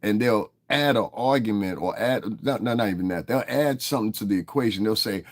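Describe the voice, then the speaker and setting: A man's voice: fairly low pitch, fairly quick. A man hosting a livestream, talking straight to his chat in a profane, confrontational rant. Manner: profane and confrontational, heated tirade at viewers. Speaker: livestream host. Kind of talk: live-stream commentary, talking to chat.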